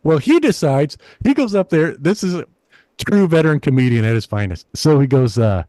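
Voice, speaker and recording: A middle-aged man, a stand-up comedian, telling a lively story in a casual interview, acting out the people in it. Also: a little high, normal speed, no room sound. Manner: animated anecdote-teller, acts out quoted voices.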